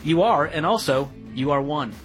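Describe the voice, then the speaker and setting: A man's voice: on the high side, expressive, moderate pace, rough recording. Chatty male radio co-host, faint music. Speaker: co-host of a money call-in show. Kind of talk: casual radio talk.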